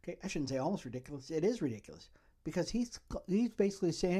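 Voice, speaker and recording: A man's voice: high voice, very animated, fast talker, mellow, breathy edge. A man hosting a solo political commentary podcast, talking in a rambling way and often checking in with "okay?". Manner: rambling, repeats "okay?" to the listeners. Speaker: podcast host.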